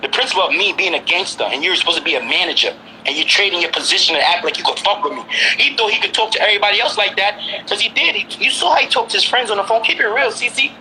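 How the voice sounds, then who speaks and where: A fast, high-pitched man from Brooklyn, New York, in his forties, talking heatedly and pressing his listener with repeated questions. His voice is very bright and sharp, with a faint hiss of background noise. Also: animated, low-quality recording. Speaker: guest. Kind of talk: heated casual conversation.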